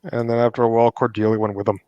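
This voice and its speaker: A man's voice: medium pitch, little pitch movement, rapid-fire, mellow, clean tone, no room sound, lo-fi sound. Man chiming in on a dry chat. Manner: brief chiming-in remarks. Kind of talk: casual chat.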